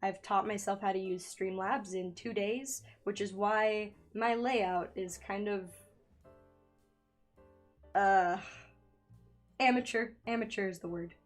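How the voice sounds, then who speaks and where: Young woman streamer, home mic, middle pitch, giggly and flustered, faint music underneath. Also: steady tone, takes it slowly, pauses often. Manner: nervous, giggly, loses her train of thought. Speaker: streamer and digital artist. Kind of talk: casual live-stream chat while drawing. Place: home room by a window. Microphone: studio microphone in a makeshift home setup.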